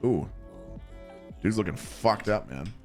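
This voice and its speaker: Young dude streaming, chill chatty vibe, voice bounces around a lot, quiet game music behind. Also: male voice, fairly low pitch, slow pace. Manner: laid-back, swears a lot, laughs often, animated. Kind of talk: casual chat while gaming.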